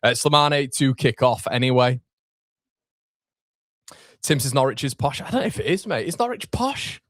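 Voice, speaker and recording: A man's voice: mid-range voice, normal speed, fairly bright tone, no echo. Young Yorkshire male streamer, casual banter over live football, dry close mic. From Northern England. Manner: chatty, reads viewer comments aloud, banter. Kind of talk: live match commentary and chat reading.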